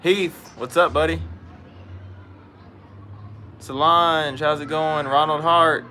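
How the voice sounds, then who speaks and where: Male stream host, very bright, forceful tone, easygoing outdoor chat. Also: a little high, fairly even intonation, takes it slowly, a little hiss or hum. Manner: chatty, greets viewers by name. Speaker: fishing livestream host. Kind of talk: casual live-stream chat. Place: outdoors at home.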